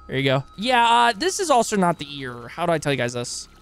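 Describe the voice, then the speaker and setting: A male streamer giving excitable, profane live commentary while playing a game and thanking new followers. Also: fairly high pitch, fairly quick, smooth, faint music behind.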